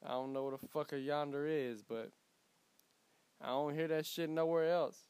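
A young man from Alabama hosting his podcast, rambling in a profane, comedic monologue with loud bursts. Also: on the high side, steady tone, moderate pace, smooth, dry recording. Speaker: podcast host.

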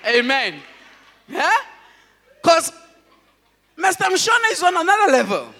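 A man, a pastor, preaching a sermon in an animated way, laughing often and calling out to his congregation. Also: very high voice, slow, long pauses, big-room sound.

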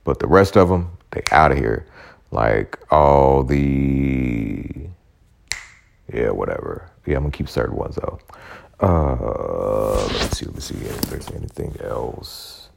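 A man's voice: a bass voice, lively intonation, takes it slowly, creaky. A man in his forties hosting a podcast, ranting bluntly with plenty of swearing. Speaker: podcast host. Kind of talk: casual profane rant.

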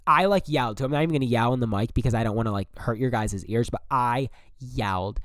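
A young man hosting a podcast, telling a story in an animated, exasperated way and swearing often. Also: medium pitch, quick pace, no room sound, studio quality. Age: young adult. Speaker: podcast host. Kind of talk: casual storytelling monologue.

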